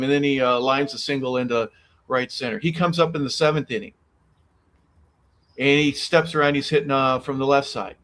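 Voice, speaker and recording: A man's voice: medium pitch, fairly even intonation, normal speed, fairly bright tone. A man hosting a sports talk radio show, chatting eagerly and telling anecdotes in a casual way.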